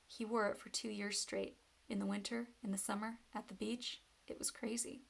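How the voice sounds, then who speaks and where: A woman's voice: mid-range voice, flat delivery, moderate pace, vocal fry, slightly rough. A woman voicing a confident teenage girl in a storybook reading, casual and knowing. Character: confident teen girl, pink-haired cheerleader.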